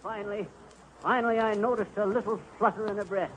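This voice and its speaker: A man's voice: sits high, steady tone, quick pace, a bit bright. An actor playing a boastful middle-aged man spinning a tall tale, with a folksy drawl, in 1930s radio comedy. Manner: folksy, bragging, rambling. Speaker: comic storyteller. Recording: noisy old radio broadcast.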